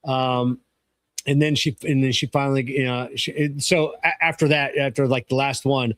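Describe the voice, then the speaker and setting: A man spins a long story from his repair shop, starting sentences over and over and swearing freely. His voice sits at an ordinary middle pitch. The sound is close and dry, with no room around it. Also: fairly even intonation, moderate pace, no echo. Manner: rambling, restarts, casual swearing. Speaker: podcast co-host; auto technician. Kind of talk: casual storytelling chat.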